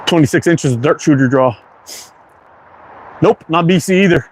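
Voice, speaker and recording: A man's voice: fairly high pitch, moderate pace, husky. A man in his fifties with a Quebec English accent, hosting a casual livestream chat, reading comments aloud and often repeating his words. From Quebec, Canada. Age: 50s. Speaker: livestream host.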